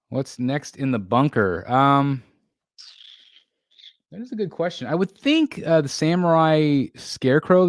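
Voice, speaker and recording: A man's voice: medium pitch, no room sound, studio quality. A man hosting a casual live stream, chatting loosely with viewers and reading their comments, rambling with lots of fillers and restarts. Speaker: livestream host.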